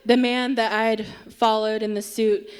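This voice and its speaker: A woman's voice: fairly high pitch, flat delivery, unhurried, clear, resonant tone. A woman telling a wry, self-deprecating story on a theatre stage, acting out what people said. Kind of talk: live comic storytelling.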